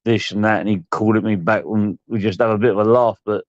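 A man's voice: lowish voice, steady tone, fast talker, no echo, muffled recording. A man telling a rambling anecdote in casual chat on a live stream.

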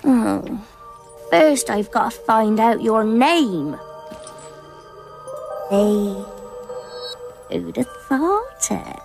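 A woman's voice: a little high, big pitch swings, extremely slow, gravelly, long pauses, music in the background, heavily acted. A woman voicing a dreamy, romantic young witch in a cartoon, a little flustered. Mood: wistful. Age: young adult. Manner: flustered, wistful. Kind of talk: animated cartoon voice acting.

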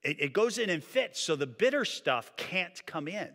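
Male pastor preaching in a church hall. Bright, lively voice with long hall reverb. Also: high-pitched, normal speed. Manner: animated preaching, drops to quiet emphasis. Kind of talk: sermon. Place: church sanctuary.

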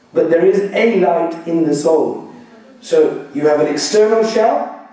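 A man giving a religious lecture, explaining slowly and deliberately and checking that his listeners follow. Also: a little high, warm tone. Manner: slow, deliberate explaining with audience check-ins. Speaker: Islamic teacher. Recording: echoey room, mic far off.

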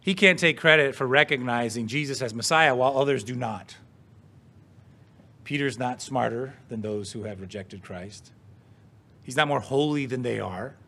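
A man preaching from the pulpit at a middle pitch, measured and earnest. He asks rhetorical questions and leans hard on key words. Now and then he clears his throat between points. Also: bright, forceful tone. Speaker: pastor. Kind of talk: sermon.

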